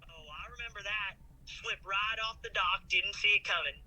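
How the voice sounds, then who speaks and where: A man's voice: high-pitched, moderate pace, pushed and bright. A synthetic male AI assistant voice that answers cheerfully and agreeably, heard through a phone speaker. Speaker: AI chat assistant. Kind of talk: synthetic conversational speech. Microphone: speaker held to a phone. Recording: tinny phone line.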